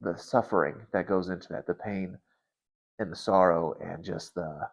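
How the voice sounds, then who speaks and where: A man in his thirties sharing a personal faith story in an earnest, halting way, often restarting his words. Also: low-pitched, creaky. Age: 30s. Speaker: Christian vlogger.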